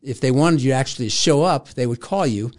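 A man's voice: mid-range voice, brisk. An older man, a guest in an interview, telling a long story in casual talk with frequent laughs. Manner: rambling, laughs often, acts out quoted voices.

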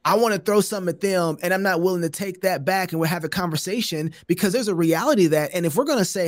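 A man hosting a podcast in casual chat, animated and laughing often as he restarts his sentences. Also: sits high, quick pace, few pauses, dry recording, clean studio sound. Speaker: podcast host.

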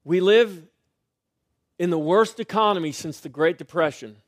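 A middle-aged male pastor preaching a sermon, swinging between loud rising lines and quiet, hushed refrains. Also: high voice, moderate pace, no room sound, clean studio sound.

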